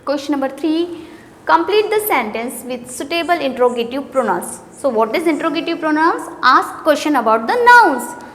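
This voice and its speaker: A high-pitched woman with an Indian English accent walks through a grammar worksheet like a schoolteacher. She reads each sentence aloud, then questions and answers herself. Her voice carries a long reverb, as if in a bare room. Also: animated, moderate pace, a bit bright, a little hiss or hum. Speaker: teacher.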